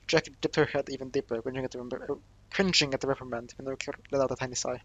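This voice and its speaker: A man's voice: mid-range voice, flat delivery, fast talker, fairly bright tone. A man reading a visual novel aloud for a let's play, voicing every character himself in a casual way and often stumbling and correcting his words. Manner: reads all the characters himself with little voice change, stumbles and self-corrects. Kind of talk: casual read-aloud of game text with asides.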